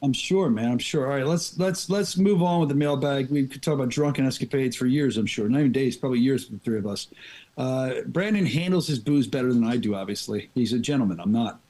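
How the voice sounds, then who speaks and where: A man's voice: medium pitch, a little fast, darkish tone. A man hosting a casual podcast, telling stories in a joking, self-mocking way. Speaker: podcast host.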